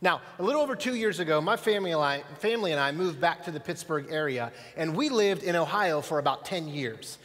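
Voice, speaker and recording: A man's voice: high-pitched, fairly bright tone. A middle-aged man preaching a sermon as pastor, telling stories in a conversational way and asking the audience questions. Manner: storytelling, conversational, asks the audience. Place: church auditorium. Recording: hall reverb.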